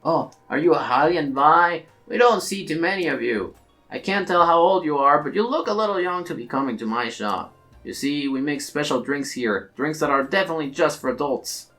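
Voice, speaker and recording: A prim bartender woman who scolds young customers and drifts into gossip, in a lively, mid-pitched voice a player uses while reading game dialogue. Faint music hums behind. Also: moderate pace.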